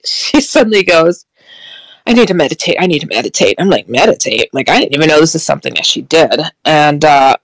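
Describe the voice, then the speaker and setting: Woman with a gravelly voice telling a story. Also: mid-range voice, no echo, low-quality recording. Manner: animated, quotes dialogue, laughs often, frequent restarts. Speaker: guest recounting a paranormal experience. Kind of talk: casual storytelling.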